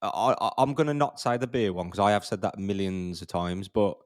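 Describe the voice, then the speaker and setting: A man's voice: fairly low pitch, expressive, fairly quick. A man hosting a podcast, rambling casually with many hesitations and repeated words. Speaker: podcast host.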